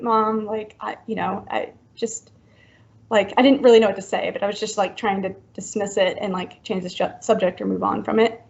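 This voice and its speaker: A woman in her thirties, a podcast guest from Florida, telling a personal story in a halting way full of likes and ums. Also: medium pitch, darkish tone. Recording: dull lo-fi recording.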